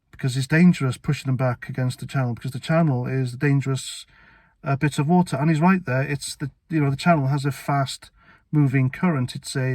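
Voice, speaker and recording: A man's voice: medium pitch, darkish tone, no room sound. A British man giving a blunt, indignant political rant to camera as a vlogger, with sarcastic asides. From Britain.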